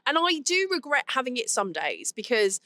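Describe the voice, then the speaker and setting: A woman hosting a casual podcast chat, telling stories in an animated way with quick asides. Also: fairly high pitch, dry recording. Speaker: podcast host.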